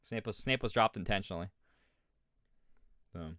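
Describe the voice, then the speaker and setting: A man's voice: on the low side, normal speed, sharp tone, dry recording, clean studio sound. A man with an Irish accent, streaming a game and chatting casually, rambling, swearing often and laughing at himself. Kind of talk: casual gaming chat.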